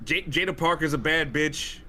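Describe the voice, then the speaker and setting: A man co-hosting a casual wrestling chat, animated, joking and slangy. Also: on the high side, moderate pace, slight background noise. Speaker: podcast co-host. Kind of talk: casual banter.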